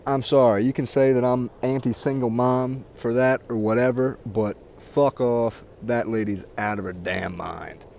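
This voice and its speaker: A man's voice: medium pitch, moderate pace, vocal fry, hardly any pauses, a little mellow. A man with a mid-range voice rants to his camera outdoors near water, crude and mocking, swearing in nearly every line. Faint outdoor noise and passing cars sit behind him. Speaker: vlogger. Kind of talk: casual profane rant to camera.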